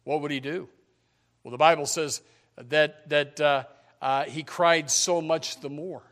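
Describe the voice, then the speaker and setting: A man preaching a sermon with emphatic repetition, swinging from hushed to loud. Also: fairly high pitch, fairly even intonation, unhurried.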